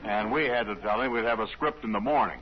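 An easygoing, agreeable partner. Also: male voice, on the low side, quick pace, breathy edge. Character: young male performer, agreeable sidekick. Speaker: actor in a radio drama. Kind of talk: 1950s radio drama acting. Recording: dull old radio broadcast with faint hiss.

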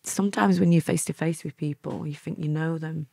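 A woman's voice: low voice, fairly even intonation, fairly quick, gravelly, mellow, no room sound. Lancashire woman in her fifties, interview guest, chatty storyteller who laughs and acts out what people said, dry close mic. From England.

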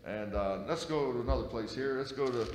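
A man's voice: medium pitch, fast talker, darkish tone, a little hiss or hum. A male pastor preaching a sermon in a folksy, conversational way, dropping in frequent amens. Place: church sanctuary. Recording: echoey church hall.

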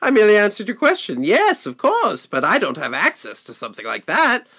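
A woman's voice: mid-range voice, huge pitch swings, a little fast, a bit bright, breathy edge, heavily acted. A man voicing a haughty female merchant in a tabletop game, talking in a prim, evasive way with fussy restarts. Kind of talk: tabletop role-play.

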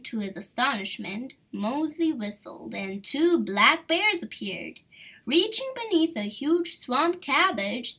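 A woman reading a children's book aloud with expressive, animated storytelling. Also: sits high, low-quality recording. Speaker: storybook reader.

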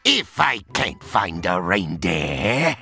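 A man's voice: low-pitched, very animated, slow, sharp tone, soft background music, pitched below the performer's own voice, full character voice. A man voicing a grumpy, scheming male creature who hates Christmas, snarling and growling for a storybook read-aloud. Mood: gloating. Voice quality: gravelly.

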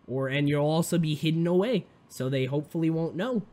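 A man voicing a group of weary adult heroes who talk down to a reckless friend in a flat, patronizing way. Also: a little high, fairly quick, natural voice. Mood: reasoning.

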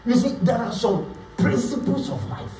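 A man's voice: very high voice, normal speed, vocal fry, mellow, a little hiss or hum. A man preaching a sermon as pastor, emphatic, repeating words and acting out quotes. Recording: echoey room, voice from far off.

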